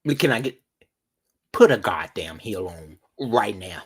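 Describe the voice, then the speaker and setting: A man's voice: low voice, lively intonation, breathy edge. Sassy, dramatic man ranting to viewers. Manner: sassy and dramatic, drawn-out emphasis. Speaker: vlogger. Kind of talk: casual commentary to viewers.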